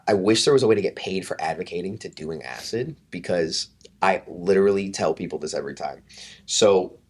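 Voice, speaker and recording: A man's voice: lowish voice, husky. A man in his thirties, a podcast guest, telling casual stories with lots of swearing and acted-out quotes. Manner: animated, swears often, acts out quotes. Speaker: podcast guest, fitness coach. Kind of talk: casual storytelling.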